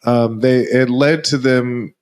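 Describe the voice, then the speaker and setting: A man co-hosting a comedy podcast from a living room, speaking in a measured way and hedging his words carefully. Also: medium pitch, fairly even intonation, darkish tone, clear, resonant tone. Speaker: podcast co-host. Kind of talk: casual comedic chat.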